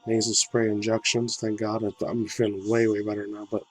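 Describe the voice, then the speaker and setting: A man in his thirties, hoarse from a sore throat, rambling casually through a vlog as a gaming news host. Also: fairly low pitch, completely flat delivery, a little fast, poor audio. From United States. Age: 30s. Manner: rambling, fillers, loose slangy talk.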